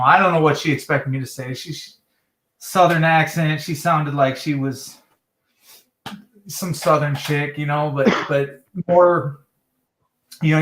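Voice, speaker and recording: A man's voice: on the high side, fairly bright tone, echoey room. A man hosting a livestream from South Dakota, rambling and profane, repeating his words as he rants. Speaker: livestream host. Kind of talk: ranting livestream chat.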